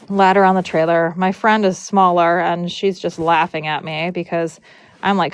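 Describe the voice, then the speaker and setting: A woman's voice: on the low side, clean tone, no echo. A woman from Michigan, a horse braider, chatting and telling a story casually on a livestream, retelling conversations with animation.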